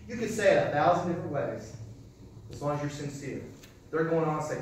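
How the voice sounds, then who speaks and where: A man's voice: on the high side, quick pace, distant mic, background noise. Folksy male sales trainer in an echoey hall. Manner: folksy, animated, repeats key phrases. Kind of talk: live seminar teaching.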